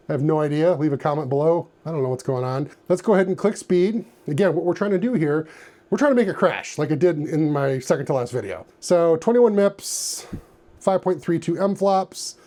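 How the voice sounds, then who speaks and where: A man's voice: on the high side, warm tone. A man hosting a casual hands-on vlog in his home office, chatting and rambling with self-deprecating asides while he works on a computer. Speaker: retro computer channel host.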